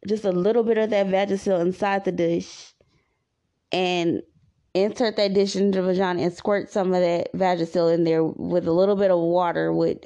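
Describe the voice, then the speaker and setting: A woman's voice: lowish voice, warm tone. A woman hosting a podcast, giving rambling, repetitive advice in a casual monologue. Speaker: podcast host.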